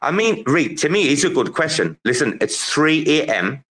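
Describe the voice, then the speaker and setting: A man's voice: a little high, sing-song, moderate pace, fairly bright tone, poor audio. A man hosting a casual late-night chat, rambling and swearing a lot. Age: 40s. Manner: crude, rambling, profane. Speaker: host. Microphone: phone.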